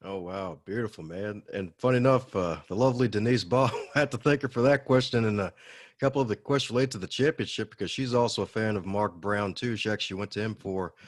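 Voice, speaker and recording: A man's voice: lowish voice, fast talker, no room sound, studio quality. A man hosting a podcast interview, eager and affirming as he reacts to his guest and asks questions. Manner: eager, affirming, laughs easily. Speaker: podcast host. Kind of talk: casual interview conversation.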